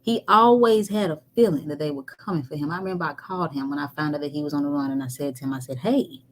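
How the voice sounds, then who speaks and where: A woman telling a painful personal story candidly, moving between animated talk and near-whispers. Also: deep voice, fast, slight background noise. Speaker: guest. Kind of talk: emotional storytelling.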